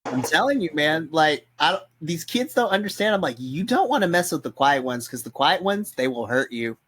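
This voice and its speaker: A man, a teacher, telling excited stories about his students in casual podcast chat. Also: on the high side, a little fast, slightly rough. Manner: excited storyteller.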